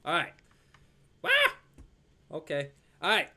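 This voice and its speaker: A man's voice: on the high side, takes it slowly. A young man casually commenting on his own gameplay as a video host, chatty and joking. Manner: chatty, jokey, talks to his dog in a soft baby voice. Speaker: gaming YouTuber.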